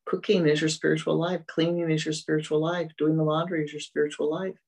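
A spiritual teacher giving a meditative dharma talk, gentle and repetitive, often fading to soft murmurs. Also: mid-range voice, flat delivery, fast, rough recording.

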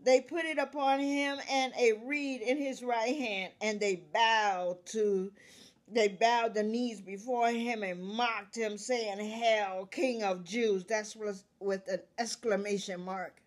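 A woman reading scripture aloud verse by verse, calling out verse numbers and restating each passage in plain words, with pauses where she coughs. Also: a little high, steady tone. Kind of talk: Bible reading with commentary.

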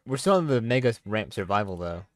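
A young man hosting a gaming livestream, chatting in a relaxed, unhurried way over a headset. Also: lowish voice. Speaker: streamer host. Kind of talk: casual gaming chat.

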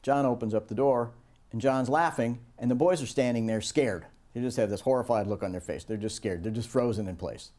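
A middle-aged man giving a recorded lesson on project teamwork, telling stories and acting out the quoted voices at a higher pitch. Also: a little fast, darkish tone. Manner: storytelling, acts out quoted voices with raised pitch. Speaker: instructor.

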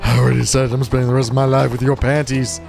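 A man's voice: medium pitch, little pitch movement, fast talker, creaky, darkish tone, soft background music, lightly acted. A man voicing an obsessive, lovestruck young boyfriend in a whiny, overwrought voice while reading game dialogue. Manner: whiny, overwrought, repeating himself. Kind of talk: voice-acting game dialogue for a stream.

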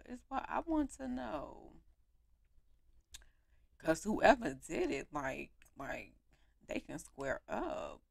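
A young woman giving animated, slangy commentary while playing a life-sim game on her home mic. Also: mid-range voice, vocal fry, dry recording. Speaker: gaming YouTuber. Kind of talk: let's play commentary.

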